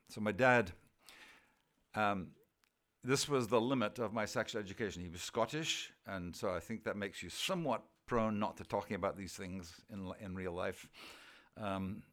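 A man's voice: lowish voice, fairly bright tone. Earnest man giving a church talk. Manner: earnest, self-deprecating, rhetorical questions. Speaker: theologian and guest speaker. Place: church gathering.

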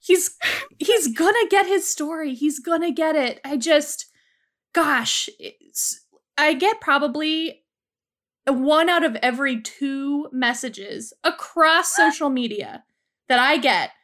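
Laughing high-voiced woman author guest. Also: slow pace. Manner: laughing often, relaxed and friendly. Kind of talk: casual interview chat.

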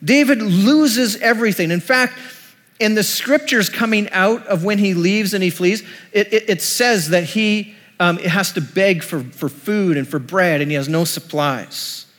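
A male pastor delivers a sermon, retelling a scripture story as he goes. His voice sits a little high for a man. A long reverb trails each phrase, as in a church hall. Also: measured pace, fairly bright tone.

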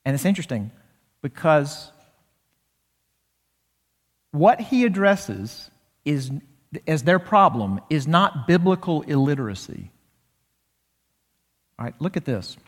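A male pastor preaching in a church sanctuary, his voice swinging up and down in pitch. It sits a bit higher than most men's, and he stretches out words to stress key points. A long hall reverb trails each phrase. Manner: animated expository preaching, slows down for emphasis. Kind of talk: sermon.

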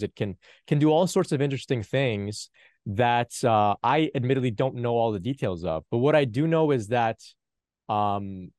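A man hosting a spiritual Q&A on a video call, talking gently and reassuringly with many fillers and restarts. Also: mid-range voice, no room sound, clean studio sound. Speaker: Kundalini Q&A host. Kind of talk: spiritual teaching chat.

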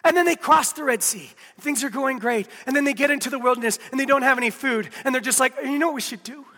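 A man's voice: very high-pitched, quick pace, pushed and bright, long reverb tail. A man preaching a sermon, emphatic, repeating key phrases and speaking straight to his listeners. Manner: addresses listeners directly. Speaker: pastor.

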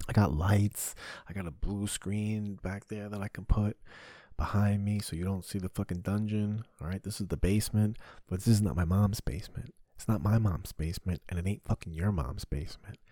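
A man's voice: lowish voice, steady tone, normal speed, warm tone, no room sound, studio quality. A man hosting a podcast from his home basement, telling a rambling, profane, crude comic story in casual talk. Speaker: podcast host. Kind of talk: casual comedic monologue.

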